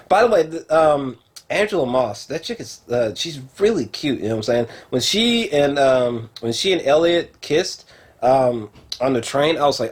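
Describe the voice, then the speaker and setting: A man's mid-range voice at a normal pace: he's a film and TV reviewer chatting casually about a TV show to a camera at home. His delivery rambles, gets excitable, and is thick with swear words and fillers.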